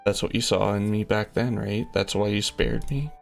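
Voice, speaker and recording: A man's voice: lowish voice, steady tone, normal speed, gravelly, faint music behind. A man voicing a tearful, devoted young woman who clings to the one she loves.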